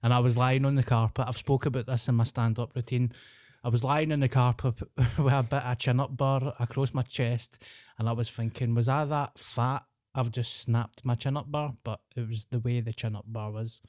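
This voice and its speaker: A man with a Glasgow accent hosts a podcast, talking in a sweary, self-mocking, laughing way. His voice sits at a middling pitch and is recorded close and dry, with no room sound. He sounds like a man in his thirties. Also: flat delivery, brisk, a little mellow, no room sound. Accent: Scottish, Glasgow. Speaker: podcast host. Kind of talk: casual podcast chat.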